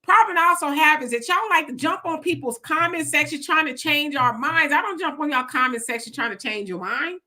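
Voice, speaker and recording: High, bright-voiced woman host ranting. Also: expressive. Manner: emphatic, mocking, rapid rhetorical questions. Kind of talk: live-stream political commentary.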